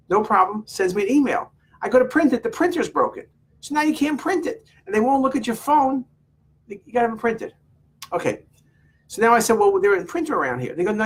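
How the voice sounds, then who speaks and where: Man, husky voice, rambling exasperated anecdote, casual vlog. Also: high voice, lively intonation, fairly quick. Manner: rambling, exasperated storytelling with quoted exchanges. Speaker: vlogger telling a personal story.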